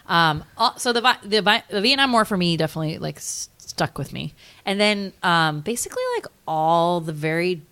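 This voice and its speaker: A woman's voice: on the low side, moderate pace, sharp tone, clean tone. A young woman co-hosting a podcast, rambling through a film discussion with lots of "like" and casual swearing. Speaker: podcast co-host.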